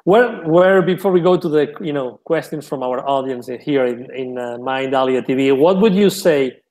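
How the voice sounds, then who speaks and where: A man's voice: mid-range voice, normal speed, a little mellow. A man hosting an interview, introducing audience questions with some hesitation and restarts. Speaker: interview host. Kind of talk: interview moderation.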